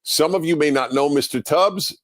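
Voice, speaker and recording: A man's voice: on the high side, normal speed, no room sound. An older man giving a scripted video introduction in a sing-song broadcaster's delivery. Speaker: commentator presenting a video.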